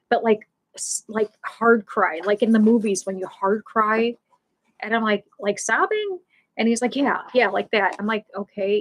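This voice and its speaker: Middle-aged female host, casual home livestream chat, rambling delivery with frequent restarts and laughs. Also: medium pitch. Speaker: pet loss support livestream host.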